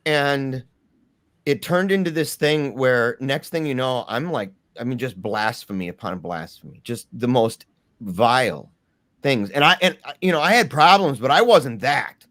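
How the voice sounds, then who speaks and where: A young man telling his personal story in a candid, animated way with slangy asides. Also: mid-range voice, unhurried, dry recording, clean studio sound.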